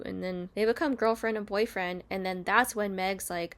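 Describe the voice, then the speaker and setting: This YouTuber reviews a reality show from her bed, chatting casually and acting out lines in assorted voices. She's a young woman with a mid-range, expressive, fairly bright voice, talking at normal speed with few pauses.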